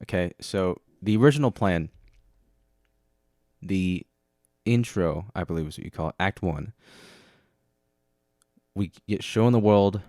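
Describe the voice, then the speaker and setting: Low-voiced rambling podcast guy. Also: a little slow, pauses often, a little mellow, dry recording, clean studio sound. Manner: rambling and self-mocking. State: tired. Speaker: podcast host. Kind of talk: casual solo monologue.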